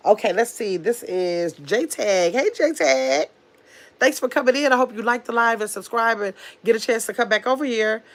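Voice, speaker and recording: A woman's voice: a little high, normal speed. Woman, casual livestream host, chatty and easygoing, reads comments aloud. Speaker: livestream host reading chat.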